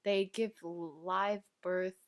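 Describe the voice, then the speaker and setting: A woman's voice: on the low side, steady tone, extremely slow. A young woman co-hosting a casual podcast, bubbly and giggly, with teen slang. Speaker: podcast co-host. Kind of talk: casual chat.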